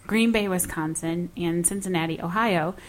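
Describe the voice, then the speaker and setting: A woman co-hosting a podcast, chatting casually in a bubbly way with quick laughs. Her voice sits slightly low. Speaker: podcast co-host. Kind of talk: casual chat. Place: home in Nashville.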